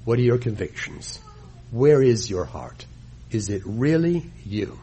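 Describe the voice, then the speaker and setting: A man preaching a sermon, reading scripture dramatically and moving between loud emphatic lines and quiet reflective ones. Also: very animated, a little slow, a little hiss or hum. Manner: dramatic reading of scripture with big swings in pitch and volume. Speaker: pastor.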